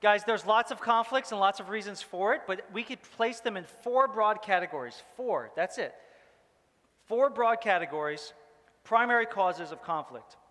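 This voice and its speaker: A man's voice: sits high, lively intonation, normal speed, fairly bright tone, in a large hall. A male pastor giving a casual, joking sermon, rambling with many fillers. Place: church hall.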